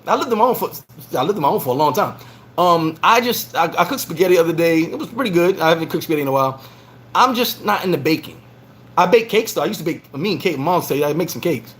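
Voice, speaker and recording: A man hosting a casual livestream vlog and telling stories, acting out the lines he quotes. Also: sits high. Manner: animated storytelling, acts out quoted lines. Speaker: vlog host. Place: bar in the Dominican Republic.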